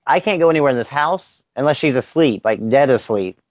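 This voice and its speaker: A man's voice: medium pitch, lively intonation, a little fast, dry recording. Brief: man on a podcast, casual and profane storyteller, dry close mic, lo-fi. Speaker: podcast co-host. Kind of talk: casual chat. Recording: dry, dull lo-fi sound.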